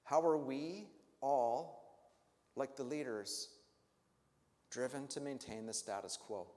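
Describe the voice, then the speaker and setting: A man's voice: medium pitch, slow, a little mellow, long reverb tail. A male pastor preaching a sermon, asking the congregation reflective questions and rising to emphatic peaks. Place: church sanctuary.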